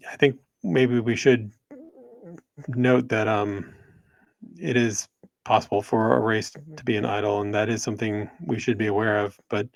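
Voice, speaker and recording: Gravelly man on a dry call mic. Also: fairly low pitch, no echo. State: spotty connection. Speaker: podcast co-host. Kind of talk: casual religious discussion. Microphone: video call.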